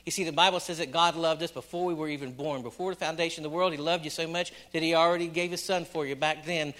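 A middle-aged man preaching a sermon, repeating phrases for emphasis and swinging between loud and hushed delivery. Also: on the high side, steady tone, fast. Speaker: pastor.

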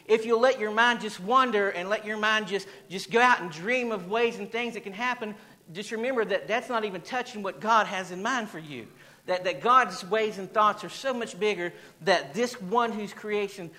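A man's voice: sits high, sharp tone, low-quality recording. A man preaching a sermon in a church, repeating phrases and firing questions at the congregation, with a storytelling manner. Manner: storytelling, reading an anecdote aloud. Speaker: pastor.

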